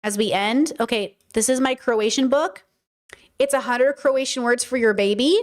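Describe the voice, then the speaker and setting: Woman, American accent, livestream host, casual chat, playful, swearing, slightly high voice. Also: moderate pace. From United States. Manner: playful, swearing, chatty, repeats words for emphasis.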